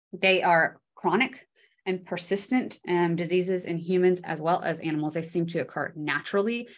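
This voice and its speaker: A woman giving a casual, chatty microbiology lecture, with many fillers and homely analogies. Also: on the low side.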